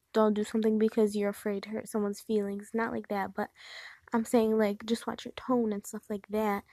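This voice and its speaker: A woman's voice: fairly high pitch, mellow, no echo. A young woman vlogger giving casual advice in a chatty, rambling way with lots of fillers. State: hiccups.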